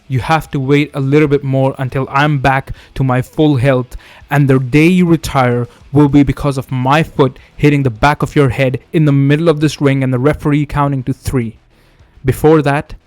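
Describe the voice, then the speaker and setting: A man's voice: medium pitch, darkish tone, no room sound, natural voice. A man voicing an injured male wrestler who issues an intense challenge.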